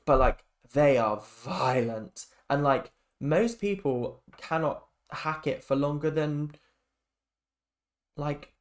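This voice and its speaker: A man's voice: fairly high pitch, takes it slowly. A young man giving a rambling, chatty reaction to a reality show, full of fillers and restarts. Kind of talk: casual opinion rant.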